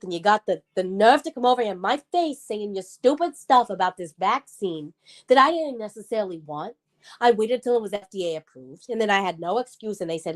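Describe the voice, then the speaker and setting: Her mid-range voice is animated and a little fast. She's a livestream host in her thirties, chatting casually with viewers before getting worked up into a rant.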